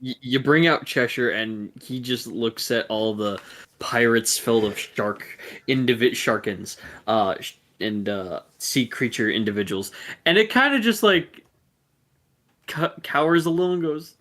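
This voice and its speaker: Brief: male game master, unhurried, wandering narration, lively up-and-down pitch. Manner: rambling, self-correcting with fillers.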